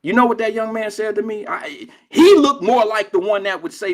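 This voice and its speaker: Animated older man hosting talk radio. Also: high voice, normal speed, few pauses. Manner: animated storytelling, profane street slang. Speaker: radio show host. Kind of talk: casual talk radio monologue.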